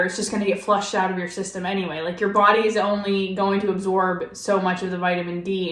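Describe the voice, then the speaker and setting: A woman's voice: medium pitch, roomy sound, distant mic. A woman hosting a reaction video, chatting casually with lots of "like" and thinking aloud.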